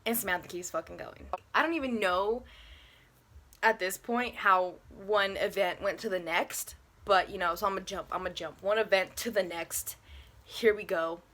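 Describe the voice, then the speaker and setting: Bright-voiced young woman telling a story. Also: medium pitch, moderate pace. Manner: profane, animated storytelling. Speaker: vlogger. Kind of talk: casual storytime. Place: bedroom at home. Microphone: handheld camera.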